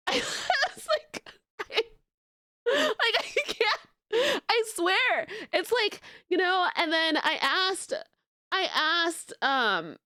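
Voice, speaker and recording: A young woman streamer chatting casually with her viewers, telling stories in animated, laughing rants. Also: very high-pitched, drawn-out words, no room sound, studio quality. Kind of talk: casual live-stream chat.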